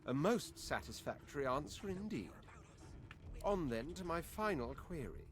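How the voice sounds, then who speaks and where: A man's voice: a little high, big pitch swings, a little slow. An actor playing a haughty, aristocratic male lizard prince in a video game, speaking in a pompous, drawling, condescending way.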